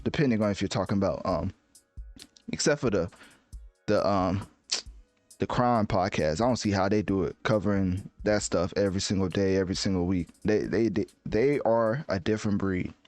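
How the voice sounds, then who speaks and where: A man's voice: medium pitch, a little mellow, dry recording. A man in his twenties hosting a solo podcast, talking in a laid-back, conversational way with many asides and fillers. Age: 20s. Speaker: podcast host. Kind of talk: casual solo podcast monologue.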